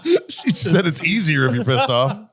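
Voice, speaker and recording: A man's voice: a little high, sing-song, a little fast, a loud crowd. A man and former Marine co-hosting a podcast, joking crudely in casual banter and laughing often.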